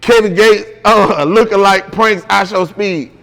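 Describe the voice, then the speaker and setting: A man's voice: high-pitched, fairly even intonation, a little slow, fairly bright tone, in a large hall. A man guest in an interview, telling a story casually and with animation, full of slang and repeated "bro".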